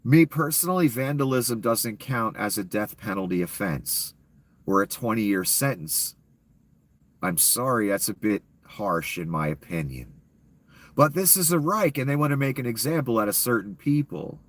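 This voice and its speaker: A man's voice: fairly low pitch, lively intonation, normal speed. A man with a cold ranting sarcastically and profanely as a YouTube commentator, in a casual off-the-cuff style. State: ill, coughing.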